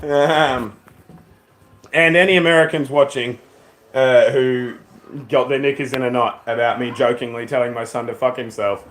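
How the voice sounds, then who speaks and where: A man's voice: mid-range voice, steady tone, moderate pace, a bit bright, a little hiss or hum. A young Australian man hosting a casual live reaction stream from home, laid-back and swearing freely.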